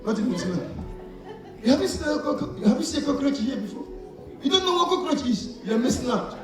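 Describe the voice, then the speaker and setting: Man, preacher, high voice, call-and-response sermon, very echoey hall, faint music. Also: fast talker. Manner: call-and-response preaching, asks "what?" for the crowd to fill in; animated, swings from loud to soft, acts out little scenes. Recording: echoey hall, far from the mic.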